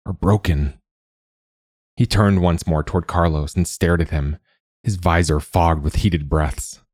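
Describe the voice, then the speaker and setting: A man reads a story aloud with a measured, steady delivery. His voice sits very low, and the recording is dry and close, with no room sound. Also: no room sound. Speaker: narrator. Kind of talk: scripted audiobook narration.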